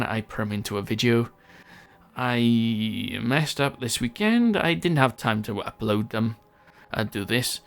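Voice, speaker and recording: A man's voice: medium pitch, creaky. Rambling, chatty man narrating gameplay. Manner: rambling, chatty and self-mocking, often loses his thread. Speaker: gameplay commentator. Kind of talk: casual gameplay commentary.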